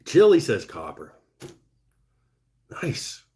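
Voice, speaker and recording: A man's voice: medium pitch, slow. A man hosting a casual live stream from his home workshop, reading out viewer comments and muttering to himself as he works. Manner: relaxed, thinking aloud, muttering while working. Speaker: woodturning livestream host.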